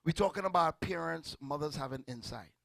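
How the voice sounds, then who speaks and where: A middle-aged man with a Trinidadian accent preaching a sermon, animated and storytelling, calling out to his congregation. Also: a little high, fairly quick, vocal fry, no echo. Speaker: pastor.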